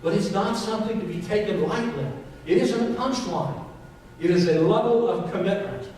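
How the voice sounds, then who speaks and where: High-voiced pastor preaching in an echoey church. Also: male voice, expressive, normal speed, darkish tone. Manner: emphatic preaching, repeating phrases, asking the congregation questions. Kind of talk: sermon. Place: church sanctuary. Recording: echoey church hall, mic from a distance.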